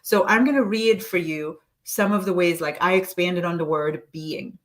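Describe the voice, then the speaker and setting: A woman leading a live online coaching session, encouraging listeners and reciting affirmations slowly and deliberately. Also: lowish voice. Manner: encouraging, with frequent restarts.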